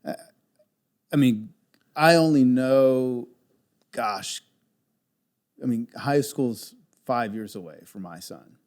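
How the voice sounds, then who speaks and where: Easygoing man in relaxed podcast chat. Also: medium pitch, slow, pauses often. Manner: easygoing, laughs along often. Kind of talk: casual chat.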